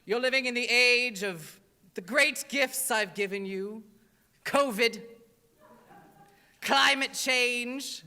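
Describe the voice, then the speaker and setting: A woman with a slightly high voice delivers a church comedy monologue as a campy, sassy Satan in a fake British accent, speaking slowly with long pauses. Loud, exaggerated, and theatrically mocking toward the audience, her comic drag performance echoes through the church sanctuary.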